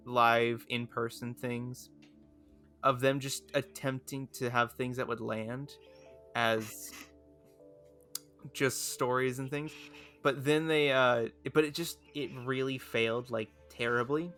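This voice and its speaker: Young male podcast co-host, mid pitch, rambling and casual, faint music bed. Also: steady tone, slow, a bit bright. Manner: rambling, many restarts and fillers.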